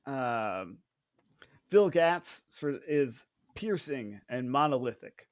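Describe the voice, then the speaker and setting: A man narrating a tabletop mystery game as game master, halting and full of fillers, laughing often. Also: mid-range voice, expressive, no room sound, clean studio sound.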